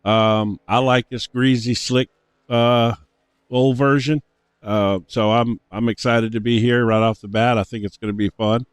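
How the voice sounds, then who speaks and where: A man chats through a race broadcast, rambling and repeating himself with plenty of fillers. His voice is smooth and resonant. The sound is close and dry. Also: medium pitch, fairly even intonation, unhurried, no room sound. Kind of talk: casual race broadcast banter.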